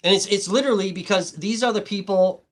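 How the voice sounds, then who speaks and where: A man's voice: high voice, fast talker. A man livestreaming, rambling casually and profanely to his chat viewers, saying he feels hot and dehydrated.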